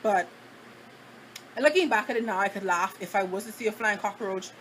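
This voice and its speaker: A woman's voice: medium pitch, moderate pace, a bit bright, slight background noise, poor audio. A woman vlogger telling a personal story in a dramatic, chatty way, full of "like" fillers. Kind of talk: casual storytime.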